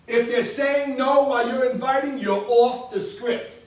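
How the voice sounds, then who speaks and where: A man leading an energetic sales training for a live audience in a meeting room, acting out phone calls to show how it is done. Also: very high voice, unhurried. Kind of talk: motivational training talk. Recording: echoey room from far off.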